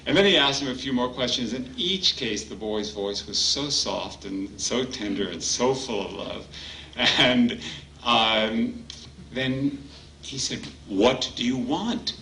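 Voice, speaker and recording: Guy at a retreat sharing a memory, mid-pitched, pausing a lot, sounds far from the mic in an echoey room. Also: lively intonation. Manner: halting, warm reminiscing with frequent pauses. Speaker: retreat speaker. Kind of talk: personal storytelling talk. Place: retreat hall. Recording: roomy hall, distant mic, faint background hum.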